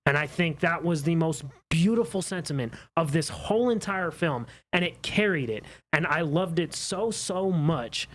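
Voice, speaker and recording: A man's voice: on the high side, lively intonation, normal speed, few pauses. A man co-hosting a casual podcast, talking with passion and pushing back on opposing views. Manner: passionate, argumentative. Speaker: podcast co-host. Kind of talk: casual chat.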